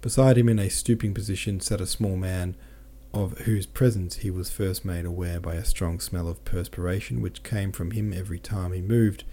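Male audiobook narrator, deep and mellow; steady, measured reading. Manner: steady, measured reading with small self-corrections. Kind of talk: scripted narration of a novel.

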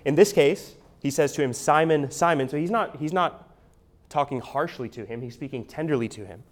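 A man's voice: mid-range voice, brisk. Man preaching conversationally. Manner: conversational teaching, frequent restarts, asks "right?". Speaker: pastor. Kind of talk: expository sermon.

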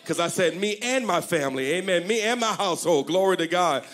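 Lively preaching male pastor. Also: high voice, fairly quick. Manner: call-and-response, joking, rising to shouts. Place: church service before a congregation.

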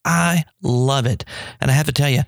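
A man talks food on his radio show, rambling and enthusiastic, his voice leaping up whenever something delights him. His middle-pitched voice sits in a dry, close sound. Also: normal speed, creaky, no room sound. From New Orleans. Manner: enthusiastic, rambling, pitch jumps when excited. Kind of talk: radio talk about food.

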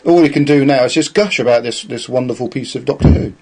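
A man hosting a casual podcast chat over a video call, enthusiastic and halting, with lots of fillers. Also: medium pitch, vocal fry, warm tone. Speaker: podcast host.

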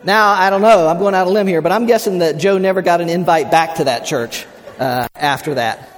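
High-voiced pastor preaching. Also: male voice, a little fast. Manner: folksy storytelling, calls congregation to respond. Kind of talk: sermon. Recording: reverberant sanctuary.

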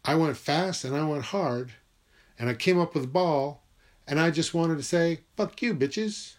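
A man's voice: fairly high pitch, normal speed. Profane, wry male storyteller. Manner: profane, wry, animated retelling. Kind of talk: personal storytelling.

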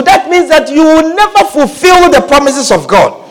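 High, lively-voiced preaching man. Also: a little slow. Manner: animated preaching, acts out scripture quotes and scenes, laughs often. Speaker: pastor. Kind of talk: sermon.

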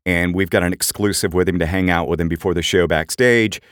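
A middle-aged man co-hosting a podcast, telling animated anecdotes in casual chat and jumping up in pitch for quoted voices. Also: fairly quick, clean tone, no echo, clean studio sound. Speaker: podcast co-host.

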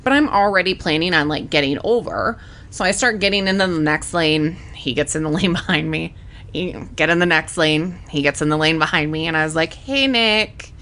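Young woman podcast cohost, chatty storyteller, voices the quotes. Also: brisk. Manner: animated, acts out quotes with pitch jumps. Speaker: podcast co-host. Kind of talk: casual storytelling chat.

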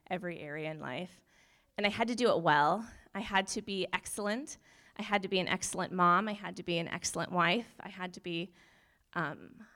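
A woman's voice: fairly low pitch, fairly bright tone. A young woman, a nurse, sharing a personal testimony in a rambling, nervous, self-deprecating way, laughing often between sentences.

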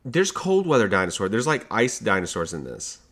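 Low-voiced podcast guy, bright tone, cracks sarcastic jokes about trailers. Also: big pitch swings, fairly quick. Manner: jokey, sarcastic asides. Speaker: podcast co-host. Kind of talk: casual chat about movie trailers.

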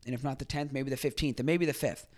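A man's voice: mid-range voice, fairly even intonation, fast talker, darkish tone. A man hosting a podcast, talking casually and reflectively with many fillers and restarts. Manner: acts out quoted people in a livelier voice. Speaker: podcast host. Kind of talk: casual solo commentary.

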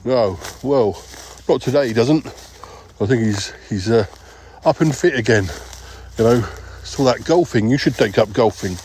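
A man's voice: mid-range voice, animated, a little slow, darkish tone, a little hiss or hum, lightly acted. A man voicing a cheerful, bumbling older male yeti uncle who rambles with many ums and uhs. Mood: easygoing. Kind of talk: improvised comedy podcast skit.

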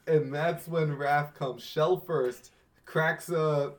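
A man's voice: a little high, slow pace. A man co-hosting a casual movie podcast, eagerly retelling fight scenes beat by beat. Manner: excited play-by-play retelling, quoting characters. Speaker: podcast co-host.

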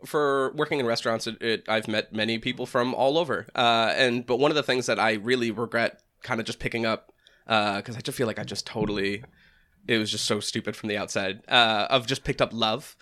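Young man, New England accent, bright forceful voice, rambling, self-mocking, laughs a lot. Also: medium pitch, fairly even intonation, brisk. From New Hampshire, USA. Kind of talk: casual chat.

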